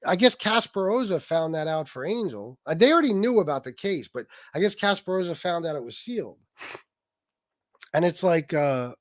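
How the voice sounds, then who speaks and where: A man's voice: fairly high pitch, very animated, a little fast, no echo, studio quality. A man hosting a livestream, ranting angrily and profanely at his critics while reading chat. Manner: profane, aggressive, talks to chat. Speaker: livestream host. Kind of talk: heated livestream rant.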